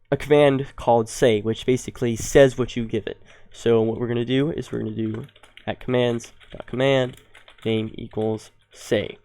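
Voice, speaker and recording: A young man walks through a coding tutorial in a smooth, clear voice at an ordinary pitch. He thinks aloud, dropping ums and correcting himself mid-sentence. The sound is close and dry, with keyboard typing nearby. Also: darkish tone, no echo. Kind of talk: screen-recorded coding tutorial.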